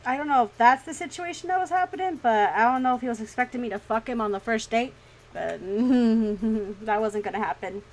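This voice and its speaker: A young woman streamer telling a story in casual chat, animated and swearing freely. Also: fairly high pitch, fairly quick, poor audio.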